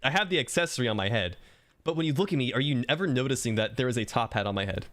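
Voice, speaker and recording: A man's voice: mid-range voice, lively intonation, very fast, noisy background. A man from the American South co-hosting a podcast in casual, joking chat, swearing freely. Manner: joking, swears freely, slips into silly voices. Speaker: podcast co-host.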